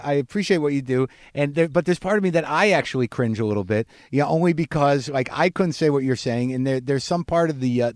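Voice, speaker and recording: A middle-aged man hosting a podcast, telling a candid comic story in a halting, confessional way full of fillers. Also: fairly high pitch, a little mellow, dry recording, studio quality. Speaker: podcast host and comedian.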